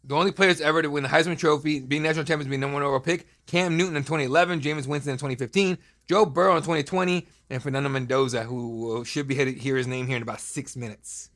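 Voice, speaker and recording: A man's voice: fairly high pitch, fairly even intonation, quick pace, few pauses, a bit bright. Joking, profane live-stream host, man. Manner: loose, joking, profane banter with chat. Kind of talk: casual live-stream commentary.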